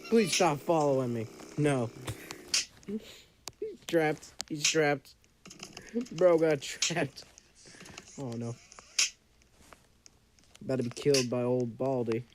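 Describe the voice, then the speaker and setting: A young man streaming a game, chatting and reacting with sudden loud yelps. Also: medium pitch, slow, long pauses, slight background noise, low-quality recording. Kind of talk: casual gameplay commentary. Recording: game music playing behind.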